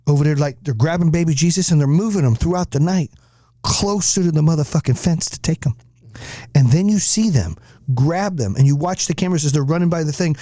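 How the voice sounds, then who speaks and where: Brief: middle-aged male host, mellow tone, dry close sound, profane animated storyteller. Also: a little high, brisk, no echo. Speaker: podcast host. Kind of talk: casual storytelling chat.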